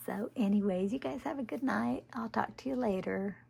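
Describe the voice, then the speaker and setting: A woman chatting casually as she works on a junk journal, soft-spoken and often half-whispering. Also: mid-range voice, moderate pace, creaky, breathy edge. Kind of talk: casual crafting chat.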